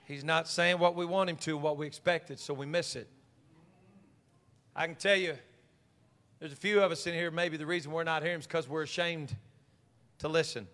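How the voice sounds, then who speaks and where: A man, a senior pastor, preaching a sermon in church, swinging between hushed pleading and shouted exhortation. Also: a little high, steady tone, moderate pace, pauses often, long reverb tail. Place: church sanctuary.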